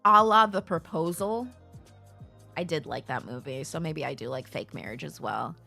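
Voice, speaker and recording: A woman live streamer chatting casually with her viewers, blunt and animated and swearing freely, into a streaming microphone. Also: low voice, normal speed, creaky, soft background music.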